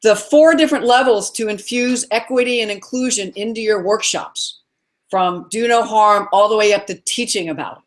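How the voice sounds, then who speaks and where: A woman's voice: medium pitch, normal speed. A middle-aged woman speaks as a guest over a video call. She sounds earnest and encouraging, with a mid-range voice, and strings long lists of ideas together. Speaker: guest expert. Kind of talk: live video call interview.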